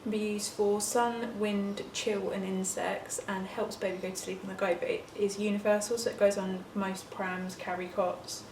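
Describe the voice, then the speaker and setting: A woman's voice: mid-range voice, little pitch movement, moderate pace, few pauses, a little mellow. A young English woman, a first-time mum, chatting casually to camera at home, rambling and sometimes whispering. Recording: noisy home recording.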